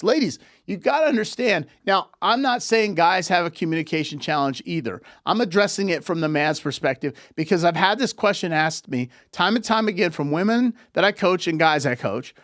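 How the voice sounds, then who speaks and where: A man's voice: high voice, fairly bright tone, dry recording, studio quality. Emphatic man giving relationship advice. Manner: emphatic, repetitive lecturing. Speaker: relationship coach and host. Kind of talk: live relationship advice talk.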